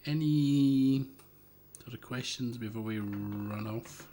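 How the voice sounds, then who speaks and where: There's a little hiss or hum behind this medium-pitched, dark-toned Scottish voice as the man goes slowly through viewer questions. Hosting a casual livestream, the Isle of Lewis hobbyist hardware maker rambles and hesitates, leaning on fillers.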